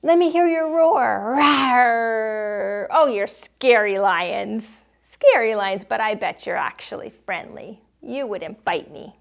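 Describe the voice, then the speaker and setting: A young woman gently guiding children through a yoga class, playful and encouraging, sometimes making animal sounds. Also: medium pitch, lively intonation, measured pace, vocal fry, hardly any pauses. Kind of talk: guided kids' yoga instruction.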